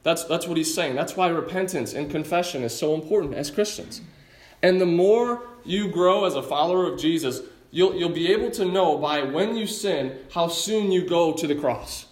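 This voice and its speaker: Animated high-voiced preaching man. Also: echoey room. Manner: animated, conversational preaching with asides. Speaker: pastor. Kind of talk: sermon.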